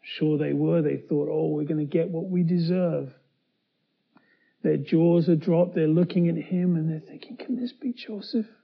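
High-voiced dramatic male preacher. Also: flat delivery, unhurried, vocal fry, husky, highs cut off. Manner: dramatic, voicing the characters with swings from loud to hushed. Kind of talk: sermon retelling a scripture story.

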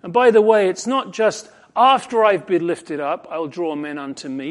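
A man preaching an expository sermon, earnest and emphatic, slowing down when he quotes scripture. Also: high-pitched, animated.

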